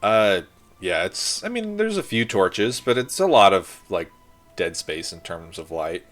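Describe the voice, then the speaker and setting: A man narrating a tabletop game as game master, relaxed and rambling with many fillers. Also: low-pitched, a little slow, faint music behind.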